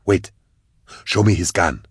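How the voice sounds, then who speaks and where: A hard-edged ringleader barks short orders in a deep, low voice, as a man reads him. The sound is close and dry, like an audiobook. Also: takes it slowly, slightly rough, no room sound, exaggerated voice. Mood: grim. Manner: curt, forceful orders. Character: hard, commanding male schemer.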